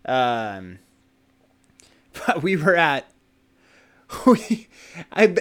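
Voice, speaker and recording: A man co-hosting a casual podcast chat, animated and profane, laughing often as he talks. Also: mid-range voice, smooth. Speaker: podcast co-host.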